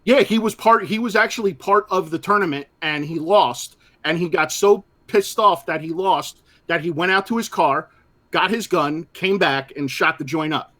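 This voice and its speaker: A man's voice: high voice, normal speed, bright, forceful tone. A man co-hosting a casual live show, talking bluntly and animatedly and swearing freely. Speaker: podcast co-host. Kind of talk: casual livestream chat.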